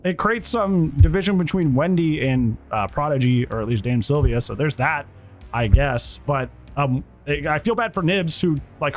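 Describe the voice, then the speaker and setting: Animated man reviewing a show. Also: a little high. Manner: animated, rambling, acts out quotes. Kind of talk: casual spoken review.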